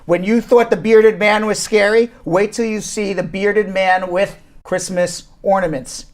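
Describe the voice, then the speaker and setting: A man's voice: high-pitched, fairly even intonation, unhurried. Rambling, laughing man co-hosting a radio show. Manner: rambling, laughing, self-correcting, teasing. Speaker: immigration attorney and co-host. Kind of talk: live radio and stream banter. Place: law office studio.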